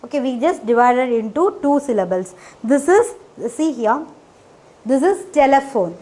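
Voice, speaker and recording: A woman's voice: high-pitched, animated, measured pace, warm tone. A woman teaching phonics in a casual explanatory way, with frequent fillers and repeated check-ins, in non-native English grammar.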